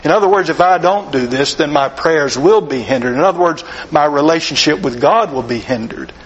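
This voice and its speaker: A man preaching a sermon, slow and deliberate, earnest, asking rhetorical questions of his listeners. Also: fairly high pitch, lively intonation, a bit bright, highs cut off.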